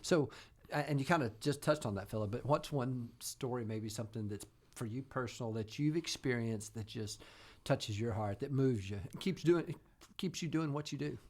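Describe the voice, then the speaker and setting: Male podcast host, mid-pitched, short affirmations and open questions, a bit off-mic. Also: normal speed, hardly any pauses. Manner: brief warm backchannels and affirmations. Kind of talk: interview.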